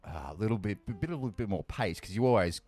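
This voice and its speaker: Deep-voiced Australian man. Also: animated, fast talker, darkish tone. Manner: swearing, laughs along. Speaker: podcast co-host. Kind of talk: casual banter.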